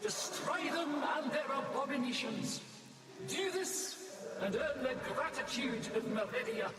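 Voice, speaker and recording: A woman's voice: high voice, animated, a little slow. A woman voicing a commanding female Daedric goddess with a Scottish accent, speaking in solemn, declamatory game dialogue. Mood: stern, commanding. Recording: echoey, distant game audio with loud music.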